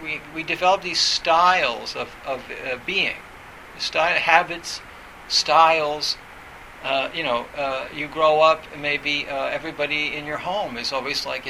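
Male meditation teacher, somewhat high voice, hesitant, restarts a lot. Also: bright, forceful tone, a little hiss or hum, poor audio. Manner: hesitant, halting, many fillers and restarts. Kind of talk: reflective talk on meditation.

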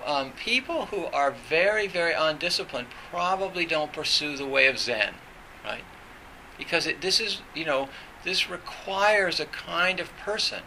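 A man's voice: a little high, bright, forceful tone, slight background noise, low-quality recording. A man teaching as a Zen teacher in an informal dharma talk, meandering with many restarts and "you know" fillers.

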